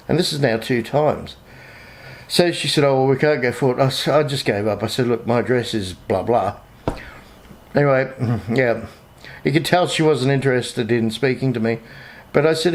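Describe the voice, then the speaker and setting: A man's voice: mid-range voice, moderate pace. An Australian man vlogging a casual update, indignantly retelling his phone calls in his own voice.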